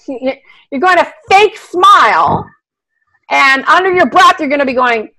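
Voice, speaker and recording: A woman's voice: high-pitched, sing-song, measured pace, pushed and bright, poor audio. A woman dog trainer teaching a live online class, talking her students through a video and asking them questions. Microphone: video call.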